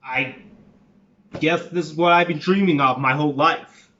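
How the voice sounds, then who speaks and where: Guy doing a shy new york writer kid, nervous and halting, kinda muffled audio. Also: fairly high pitch, sharp tone. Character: shy nervous young male comedy writer. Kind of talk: acting a monologue.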